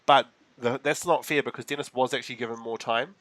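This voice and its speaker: A man co-hosting a podcast, recapping an episode in animated casual chat full of fillers. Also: medium pitch, fast. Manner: animated storytelling with many fillers. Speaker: podcast co-host.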